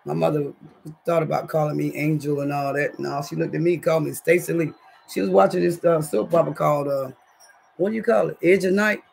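A woman's voice: sits low, steady tone, brisk, gravelly, darkish tone. A woman hosting a casual livestream from her home kitchen, chatting in slang with her viewers and reading the chat, her throat scratchy. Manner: chatty, slangy, keeps addressing viewers as y'all.

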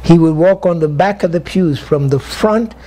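An older bishop recalls his early ministry in a fairly high yet mellow, warm voice. He punctuates almost every phrase with a refrain of "praise God, my God", which gives his storytelling a steady, rhythmic sway. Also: moderate pace. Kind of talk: storytelling interview.

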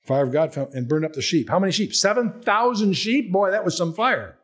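An older male Bible teacher with a fairly high, slightly husky voice. He works through the verses in a relaxed, conversational way and acts out the scenes. His pitch swings widely as he talks. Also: a little fast.

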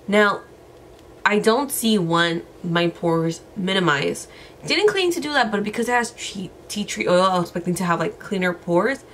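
A woman's voice: mid-range voice, a bit bright. A woman with a scratchy voice giving a chatty skincare product review to camera, talking to her viewers in a casual, conversational way. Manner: chatty, lots of "like" and "you guys". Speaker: beauty vlogger.

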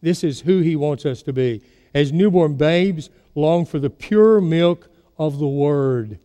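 A male pastor delivers a sermon to his church, often stopping to ask the congregation questions. His voice sits a little high and sounds mellow and soft-edged. The sanctuary adds a long reverb to every word. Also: slow pace. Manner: storytelling preacher, asks the congregation questions.

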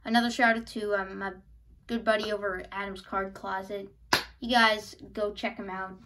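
A woman hosting a casual card-opening video, excitable and stammering, breaking into squeals. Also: medium pitch, moderate pace, noisy background. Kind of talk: casual pack-opening commentary.

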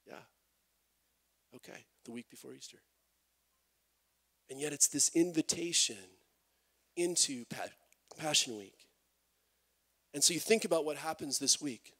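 A man preaching a sermon as pastor, animated, with many restarts and acted-out quotes. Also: sits high.

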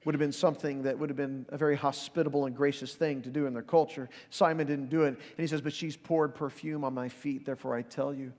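A man preaching a sermon as pastor, earnest, dropping soft for quoted lines and building to urgent appeals. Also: mid-range voice, flat delivery, quick pace, few pauses. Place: church sanctuary. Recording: long reverb of a large hall.

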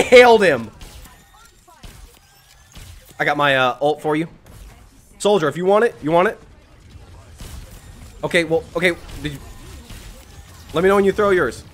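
A young man streaming a team shooter, swearing often and yelling excited callouts to his teammates. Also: fairly high pitch, normal speed, long pauses, faint music behind. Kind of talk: live gameplay commentary with team callouts.

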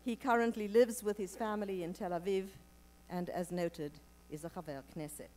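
A woman introducing a speaker to an audience, reading from a script in a measured, formal way. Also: lowish voice, steady tone, a little mellow, slight background noise. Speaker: event presenter introducing the speaker. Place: lecture hall with live audience.

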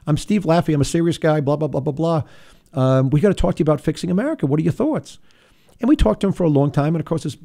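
A man's voice: mid-range voice, creaky, warm tone. A man hosting a political talk radio show who speaks in an earnest, restless way and repeats words when he pushes a point. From Rhode Island.

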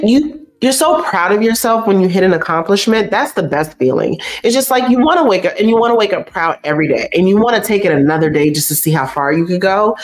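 A young woman hosting a casual livestream, chatty and effusive, reading and answering comments as she goes and repeating herself for emphasis. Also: on the low side. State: teary, stuffy nose. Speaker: YouTube host reading live chat.

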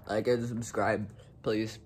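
A man doing a comedic spicy food challenge vlog, talking in a halting deadpan way and coughing from the heat. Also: mid-range voice, breathy edge. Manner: slow, halting deadpan delivery between coughs. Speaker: vlogger.

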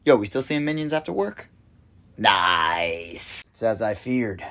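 Bored low-voiced man, indifferent clerk. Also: lively intonation, measured pace, a bit bright. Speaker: shoe store clerk in a comedy sketch. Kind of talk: deadpan sketch comedy.

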